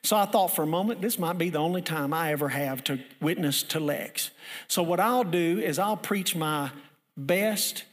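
A high-voiced male pastor with a drawl tells a story from the pulpit in a folksy, animated way, often rising to a shout. His voice rings out with the long reverb of a church hall. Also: normal speed. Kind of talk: sermon with storytelling.

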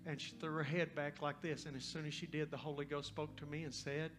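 A man in his fifties, a pastor, telling a personal story in a sermon with an animated, folksy, conversational delivery. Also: on the high side, brisk, music in the background. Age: 50s.

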